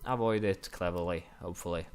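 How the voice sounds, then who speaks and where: A young man commenting casually while playing a strategy game, rambling with many fillers and quick apologetic asides. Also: low voice, steady tone, a little mellow, clean tone. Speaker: gaming commentator. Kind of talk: casual let's-play commentary.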